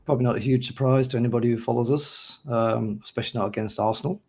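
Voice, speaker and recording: A podcast host from North East England, with a mixed regional accent, runs a casual football show in a hoarse, rough-throated voice that is mellow and dark. He's self-mocking in conversation and reads lists steadily. His pitch is medium, his tone steady, and he talks fast.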